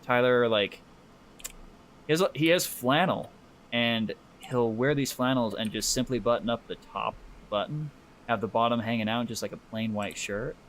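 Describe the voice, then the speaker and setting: A man's voice: medium pitch, normal speed, a bit bright, a little hiss or hum. Profane, laid-back male podcast co-host. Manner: loose and profane, laughing often; talks while drawing. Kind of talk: casual chat.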